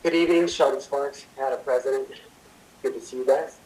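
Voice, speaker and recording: A man's voice: medium pitch, steady tone, brisk, darkish tone. Man, association president, upbeat report, echoey hall, distant mic. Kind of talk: prepared report at a meeting.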